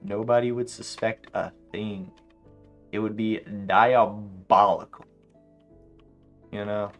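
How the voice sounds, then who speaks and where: A young man streaming a game late at night, chatting casually to his viewers and telling animated, slangy stories. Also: on the low side, takes it slowly, lo-fi sound, faint music behind. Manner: animated storytelling, slangy, laughs often. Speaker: live streamer. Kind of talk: casual livestream chat while gaming.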